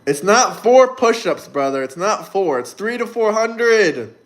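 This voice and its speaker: Brash, high-voiced young man on a livestream. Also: big pitch swings, a little slow. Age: 20s. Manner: brash, mocking, provocative. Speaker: livestream host. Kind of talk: live-stream chat.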